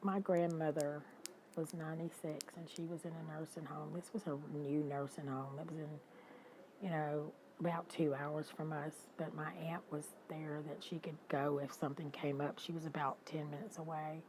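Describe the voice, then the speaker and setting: An older woman chatting casually with her livestream viewers, animated, greeting them by name and laughing often. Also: low voice, normal speed, slight background noise, low-quality recording. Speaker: livestream host. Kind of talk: casual chat with live viewers.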